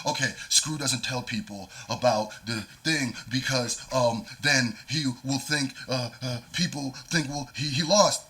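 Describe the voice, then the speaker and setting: A man's voice: mid-range voice, measured pace, few pauses, bright, forceful tone. A man talking straight to the camera, confronting and lecturing a rival rapper. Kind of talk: direct-to-camera callout.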